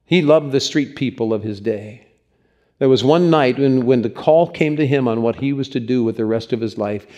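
A male pastor preaching a sermon in his church, moving through stories with earnest, conversational warmth of delivery. His pitch sits in an ordinary middle range for a man, and he talks to the congregation directly. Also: normal speed, muffled recording.

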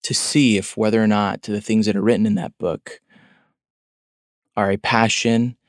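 A man's voice: on the low side, flat delivery, moderate pace, no room sound, studio quality. A man preaching a sermon in an earnest, questioning way, repeating words for emphasis. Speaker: pastor.

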